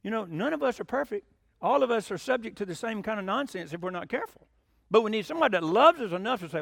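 A man's voice: high-pitched, animated, quick pace, vocal fry, a bit bright, no room sound, studio quality. A man preaching a sermon, telling folksy stories and asking the congregation questions. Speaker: pastor.

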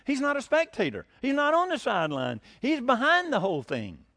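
A man preaching a sermon as pastor, animated, asking rhetorical questions and chuckling between points. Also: very high-pitched, brisk.

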